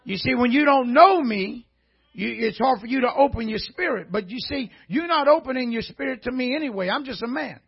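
A guest preacher from the rural Southern United States delivers a sermon to a congregation in a church sanctuary, moving from joking folksy banter into shouted preaching. His male voice is high and husky, and the audio sounds dull.

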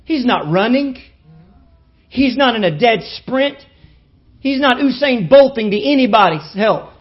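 A woman preaching a sermon to a congregation, impassioned and rhythmic, dropping to soft low asides and then rising to shouts. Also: animated, a little slow, highs cut off. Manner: repetitive rhythmic preaching cadence. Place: church with live congregation.

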